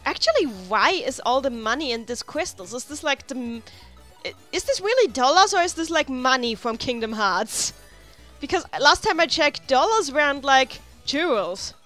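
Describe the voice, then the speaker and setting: A woman's voice: high-pitched, sing-song, normal speed, fairly bright tone. A woman casually chatting and rambling while she plays a video game, full of restarts and side remarks. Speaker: let's play host. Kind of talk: casual gameplay commentary. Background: faint game music.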